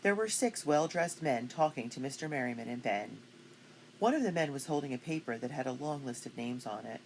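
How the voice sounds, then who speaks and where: A woman narrating a children's chapter book aloud with clear, expressive reading. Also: rumbling low, brisk, a little hiss or hum. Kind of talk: storybook read-aloud.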